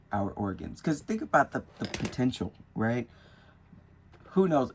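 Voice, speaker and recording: A young man thinking aloud in a rambling, casual vlog about spirituality while drawing with colored pencils. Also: on the low side. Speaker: spiritual vlogger. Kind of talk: casual musing monologue.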